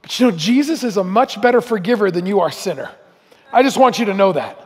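High-voiced man preaching in a reverberant hall. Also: lively intonation, fast talker, a little mellow, slightly rough. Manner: earnest, building to emphatic outbursts. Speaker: guest speaker. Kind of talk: sermon. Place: church sanctuary.

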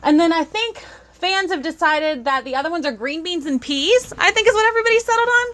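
A woman's voice: very high voice, lively intonation, fairly quick, a bit bright. A young woman, chatting bubbly on a live stream as she unboxes toys and greets viewers.

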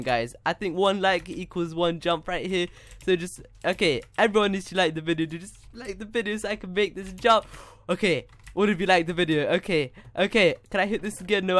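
A young man giving casual, excitable commentary while playing a block-building game, talking to himself as he goes. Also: high voice, no room sound. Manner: excitable, talks to himself, says dude a lot. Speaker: gaming YouTuber. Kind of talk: casual Minecraft gameplay commentary.

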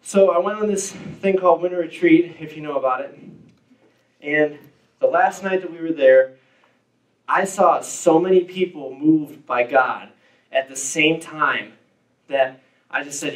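A man's voice: fairly high pitch, a little slow. A young man in his teens giving a casual, joking personal testimony to a church youth group. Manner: casual, joking, self-deprecating. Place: church youth hall, indoors. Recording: roomy hall, distant mic.

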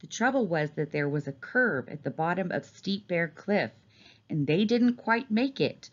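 A teacher reading a storybook aloud in a gentle, expressive manner. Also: female voice, on the low side, unhurried, dull audio.

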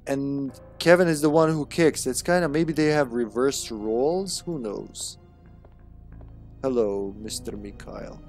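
A man's voice: medium pitch, unhurried, darkish tone, soft background music. A man giving joking, sarcastic commentary while playing a video game on a live stream. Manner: jokey, sarcastic, laughs often. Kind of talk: casual gameplay commentary.

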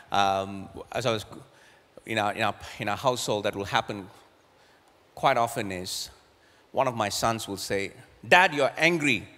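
Pastor preaching in a reverberant hall. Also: male voice, mid-range voice, fairly bright tone. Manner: earnest, repeats words when searching for a phrase. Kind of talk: sermon.

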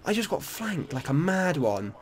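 A young man talks through an online shooter match in easy, unscripted commentary. He is excitable and swears freely, mixing frustration with laughing banter aimed at his teammate. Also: a little high, normal speed. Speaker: gamer. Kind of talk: casual gaming commentary.

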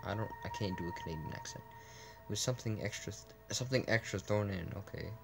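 A man's voice: on the low side, fast talker, creaky, faint music behind. A man reading a text adventure game aloud in a casual let's play, often restarting words and adding asides.

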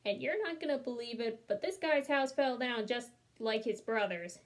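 A woman reading a storybook aloud as a smooth-talking male wolf, chatty and wry in tone. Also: a little high, expressive, moderate pace, natural voice. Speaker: storybook reader. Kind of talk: children's read-aloud.

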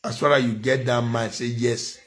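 A man's voice: mid-range voice, fairly even intonation, a little fast, fairly bright tone. Scolding man with a Nigerian accent. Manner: scolding, preachy, repeats phrases for emphasis. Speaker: commentator. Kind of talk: ranting vlog commentary.

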